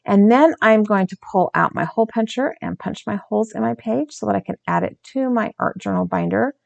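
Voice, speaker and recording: A woman's voice: medium pitch, a little fast, creaky, a little mellow. A woman hosting a craft channel, narrating her art journal process in a casual, chatty way, often correcting herself and stumbling over words.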